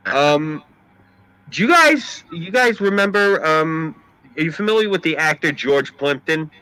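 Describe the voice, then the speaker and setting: Bright, ranting New York man. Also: on the high side, measured pace, smooth, rough recording. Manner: ranting, profane, animated storytelling. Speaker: stream host. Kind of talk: casual chat.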